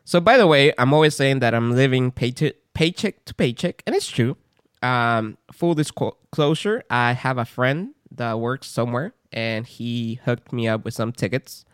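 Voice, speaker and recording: A man co-hosting a podcast, telling rambling, animated stories in a casual chat and swearing now and then. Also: medium pitch, a little slow, smooth, dry recording, studio quality. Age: adult parent. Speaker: podcast co-host.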